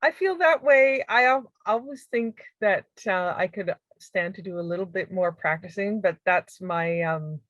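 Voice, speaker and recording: A woman's voice: mid-range voice, a little slow, few pauses, dry recording, highs cut off. A woman co-hosting a podcast, chatting casually with playful humor and frequent laughter. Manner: playful, laughs often, animated. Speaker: podcast co-host. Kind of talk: casual chat.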